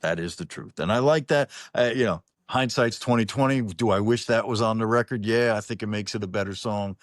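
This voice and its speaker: A singer-songwriter talking in a casual online interview, rambling with many restarts and some swearing. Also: male voice, on the low side, a little fast, no echo, studio quality. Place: New Orleans-based. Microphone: online interview call.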